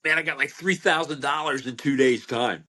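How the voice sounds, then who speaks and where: A man's voice: mid-range voice, normal speed, pushed and bright. An older American man, a veteran butcher, telling rambling stories as a podcast guest, with frequent restarts and laughs. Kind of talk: casual storytelling interview.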